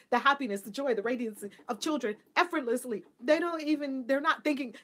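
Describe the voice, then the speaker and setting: A woman hosting a casual spiritual talk for her viewers, animated and playful, laughing often and mimicking people. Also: sits high, brisk, hardly any pauses. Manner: mimics people in a flat, dutiful voice. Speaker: spiritual livestream host.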